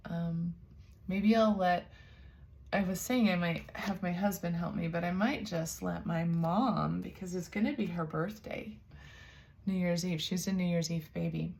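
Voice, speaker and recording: A woman giving a spiritual tarot reading, talking softly and warmly to the listener, calling them babes and sounding emotional and teary. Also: lowish voice, fairly even intonation, measured pace, gravelly. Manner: soft, nurturing, calls listener babes. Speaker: tarot reader.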